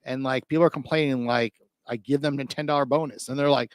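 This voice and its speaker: Fast-talking male podcast host. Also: mid-range voice, fairly even intonation, clear, resonant tone, no room sound. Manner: rambling, filler-heavy, full of "like" and "you know". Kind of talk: casual interview chat.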